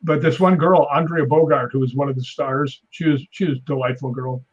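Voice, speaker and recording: A man in his fifties, a stuntman guest on a talk show, telling animated anecdotes with sound effects and chuckles. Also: mid-range voice, a little fast. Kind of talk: casual interview storytelling. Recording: dull lo-fi sound.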